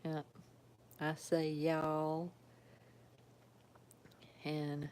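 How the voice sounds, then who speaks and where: A woman's voice: low-pitched, fairly even intonation, darkish tone, poor audio. A woman from Georgia with a Southern drawl, chatting casually and folksily with viewers on a livestream from home at night. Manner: slow, folksy, laughs often. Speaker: livestream host.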